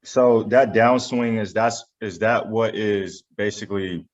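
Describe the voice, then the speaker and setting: A man's voice: lowish voice, fairly even intonation, unhurried, muffled recording. A man attending a webinar, asking a hesitant question over a video call.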